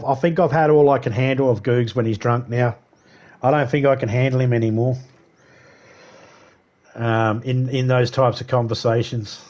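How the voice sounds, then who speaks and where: A man's voice: mid-range voice, darkish tone. A man chatting casually with his viewers while streaming a game, rambling and laughing often. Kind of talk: casual live-stream chat.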